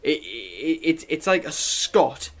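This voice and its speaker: A man's voice: on the high side, sing-song, unhurried, fairly bright tone. A young man with a Sunderland accent chatting casually as a podcast host, rambling through stories, swearing freely and laughing often. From Sunderland, England. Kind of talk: casual chat.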